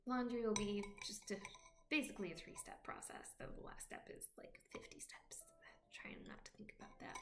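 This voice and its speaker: Rambling soft-spoken woman streamer. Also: medium pitch, creaky, reverberant. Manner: rambling, often drops to a whisper. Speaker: vlogger. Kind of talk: casual chat while streaming.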